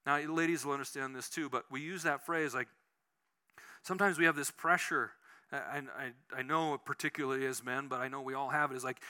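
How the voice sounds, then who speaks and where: A man preaching a conversational sermon as pastor, animated and telling personal stories, often restarting his sentences. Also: medium pitch, a little fast, clear, resonant tone.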